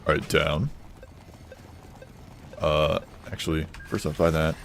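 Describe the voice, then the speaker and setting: A man's voice: very deep voice, fairly even intonation, slow, gravelly, a little hiss or hum. A man streaming a game, casually chatting and joking with his chat while playing. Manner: joking, reading chat aloud, offhand. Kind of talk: casual gaming stream commentary.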